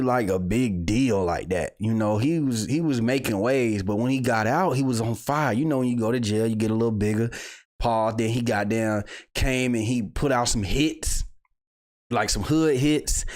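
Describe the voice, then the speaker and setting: Male livestream host, casual commentary, jokey, swings loud to low, mid-pitched voice. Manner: loose and jokey, swings between loud bursts and low mutters.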